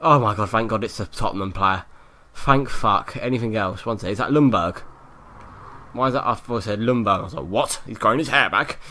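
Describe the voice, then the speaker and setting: A man giving live gameplay commentary, excitable, swearing often and yelling at the game. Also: fairly low pitch, fairly quick. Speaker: gaming YouTuber.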